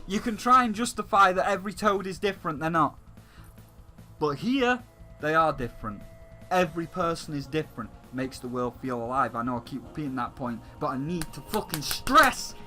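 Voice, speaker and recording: Brief: fired-up male gaming host, cursing, repetitive, slightly high voice. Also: animated, normal speed, pushed and bright, faint music behind, low-quality recording. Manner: heated, swearing, repetitive ranting. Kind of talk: profane video game rant.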